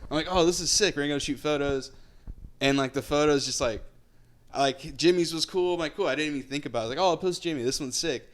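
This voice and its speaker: A young man with a fairly high voice spins an animated story for his friends. He swears freely, and his voice shoots up sharply whenever he replays someone's shocked reaction. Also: fast talker. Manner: swears a lot, voice jumps high when retelling shocked reactions.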